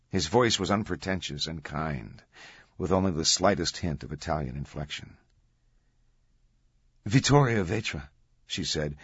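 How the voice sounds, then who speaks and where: Deep, husky male audiobook narrator. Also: no room sound. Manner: measured, even storytelling. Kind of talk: scripted narration. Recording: dull dry audiobook recording.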